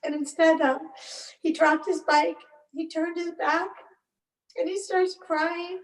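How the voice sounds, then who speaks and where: Woman in her 40s, high gravelly voice, heated and halting guest account, caught by a distant mic in an echoey room. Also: fairly even intonation. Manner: emotionally charged, halting, with bursts of anger. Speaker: interview guest. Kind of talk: personal account in a podcast interview.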